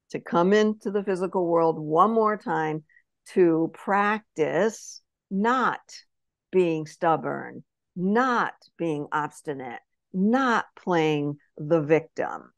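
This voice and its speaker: A woman spirit messenger telling a past-life reading as an animated story, acting out quotes and often asking if the listener follows. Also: deep voice, measured pace, no echo. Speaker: spirit messenger, podcast guest.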